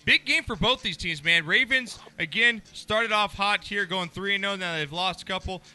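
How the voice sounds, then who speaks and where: A man hosting a casual sports talk show, excitable and bantering, laughing often. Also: high voice, moderate pace, clear, resonant tone.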